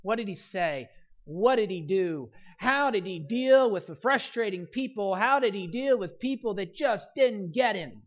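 Preacher working through a Gospel passage with earnest, building emphasis, mid pitch, muffled lo-fi audio. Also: expressive, a little slow. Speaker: pastor. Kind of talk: sermon.

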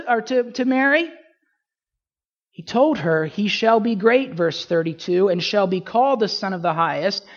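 A woman preaching a sermon, asking rhetorical questions and swinging her pitch widely for emphasis. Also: lo-fi sound.

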